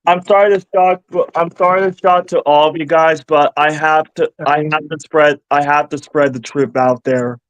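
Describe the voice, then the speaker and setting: A man's voice: on the high side, steady tone, moderate pace, few pauses, clean tone, dry recording, rough recording. A man chatting on a livestream call, earnest and stammering as he restarts his sentences. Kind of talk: casual group chat on a livestream.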